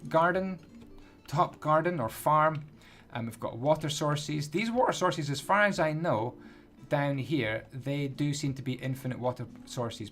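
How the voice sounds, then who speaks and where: A man giving casual, playful commentary as he builds in a video game, counting blocks aloud as he goes. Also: medium pitch. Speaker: Minecraft builder and tutorial host. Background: background music.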